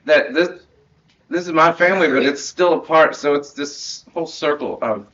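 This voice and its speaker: A man's voice: a little high, moderate pace, fairly bright tone. Earnest man, dull lo-fi recording. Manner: rambling and earnest, with frequent laughs and restarts. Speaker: marching band director. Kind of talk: heartfelt end-of-season speech to students.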